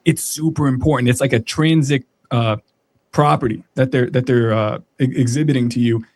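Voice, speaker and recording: A man's voice: mid-range voice, steady tone, normal speed, a little mellow, dry recording. A man guesting on a podcast over a remote connection, talking in a rambling, reflective way full of fillers. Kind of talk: casual podcast chat. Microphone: remote call connection.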